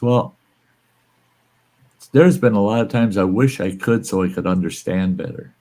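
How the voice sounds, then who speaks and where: A man's voice: lowish voice, moderate pace, dark tone. A man in his sixties hosting a casual live-stream chat, emphatic and rising into exclamations when worked up. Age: 60s. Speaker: host.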